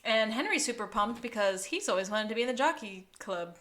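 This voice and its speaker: A woman with a slightly high voice co-hosts a podcast and chats her way through an episode recap. She laughs often and fills her talk with "like". Her tone stays loose and conversational. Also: lively intonation, a little fast, a bit bright. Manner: chatty, laughs often, uses "like" a lot. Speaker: podcast co-host. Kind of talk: casual episode recap chat.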